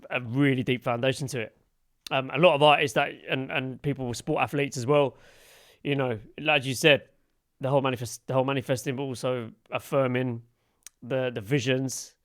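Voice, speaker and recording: A man, hosting a podcast in a relaxed, rambling way. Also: mid-range voice, normal speed. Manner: relaxed, rambling, many fillers and restarts. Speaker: podcast host. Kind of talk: casual podcast conversation.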